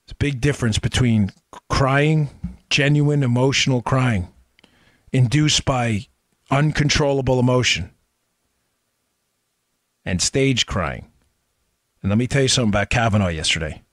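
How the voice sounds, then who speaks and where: A man's voice: medium pitch, unhurried, long pauses, no room sound. A man delivers a fiery political monologue as a talk show host, pressing his points with repeated, mocking questions. His voice sits in an ordinary middle range. The sound is dry and close, with no room around it.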